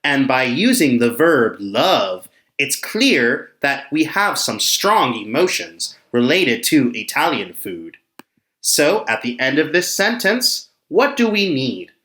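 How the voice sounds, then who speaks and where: An English teacher explaining punctuation slowly and clearly to learners, reading example sentences aloud with expression. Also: medium pitch, big pitch swings, a bit bright, roomy sound. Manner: speaks slowly and pointedly, acting out example sentences. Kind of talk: slow, expressive classroom explanation.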